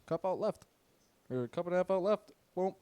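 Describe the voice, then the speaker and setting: A man's voice: high voice, lively intonation, normal speed, dark tone, smooth. A young man casually telling a caddie story, laughing often and swearing freely as he acts out both sides. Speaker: golf caddie and podcast host.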